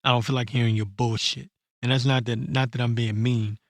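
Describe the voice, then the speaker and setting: A man ranting bluntly and profanely in an unscripted commentary, stopping to read verses slowly and correct himself. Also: medium pitch, flat delivery, no room sound, clean studio sound. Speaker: online commentator. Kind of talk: blunt unscripted rant with scripture reading.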